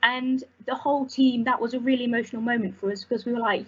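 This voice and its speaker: A young woman telling a personal story as a volunteer, earnest and halting with emotion. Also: on the high side, steady tone, husky, muffled recording. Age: young adult. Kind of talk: personal testimony.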